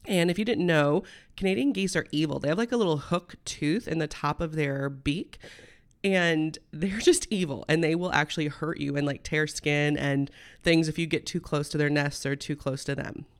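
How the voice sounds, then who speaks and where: A woman's voice: sits low, normal speed. A woman, hosting a personal storytelling podcast in a chatty, rambling, candid way. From Midwestern United States. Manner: chatty and rambling, full of "um" and "like", laughing mid-sentence; candid and heartfelt, turning emotional. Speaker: podcast host.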